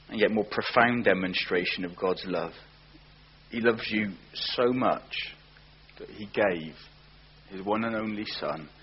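A man preaching a sermon, earnest, often slowing down and repeating words for emphasis. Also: fairly low pitch, husky. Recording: dull lo-fi recording with faint hum.

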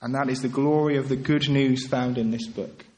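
A man preaching a sermon, earnest and pleading, swinging from emphatic peaks to quiet, soft passages. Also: medium pitch, fairly even intonation, normal speed, dull audio.

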